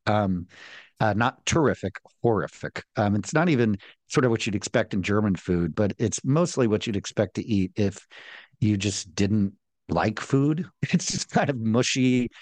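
A man's voice: on the low side, lively intonation, normal speed, a little mellow, no room sound. A man co-hosting a casual podcast, chatting wryly with frequent ums. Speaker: podcast co-host. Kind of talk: casual chat.

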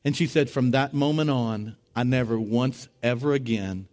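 A middle-aged man preaching as a pastor, telling a story with animated, rising voices for the people in it. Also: normal speed, soft background music. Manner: animated, rising to high excited voices when retelling dialogue. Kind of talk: sermon storytelling.

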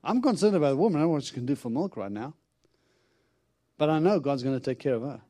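Animated storytelling preacher man, mellow voice. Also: fairly high pitch, fast talker. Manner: animated storyteller, acts out quotes, laughs often. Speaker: itinerant preacher. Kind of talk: storytelling sermon.

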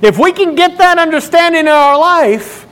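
A male pastor preaches with animated, emphatic storytelling. His voice is very high for a man and swings widely in pitch. He retells a scripture story in sermon style. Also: moderate pace.

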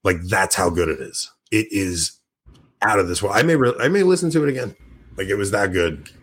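A man's voice: lowish voice, expressive, fairly quick, a bit bright, husky. A man hosting a podcast in casual chat, enthusiastic and rambling, sounding tired. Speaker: podcast host.

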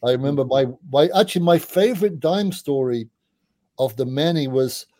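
A middle-aged man who is a music journalist sits as an interview guest, swearing casually while telling lively, rambling anecdotes. He speaks at medium pitch and normal speed, with no room sound.

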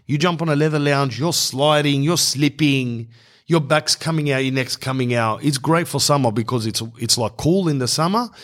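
A man in his thirties with an Australian accent, telling a rambling casual story and calling the listener bro. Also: medium pitch. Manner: animated, swearing, calls listener bro. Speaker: vlogger.

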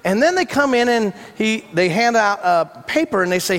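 High-voiced man preaching a sermon. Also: expressive, normal speed, a bit bright. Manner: conversational storytelling with humorous asides. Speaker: pastor. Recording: long hall reverb.

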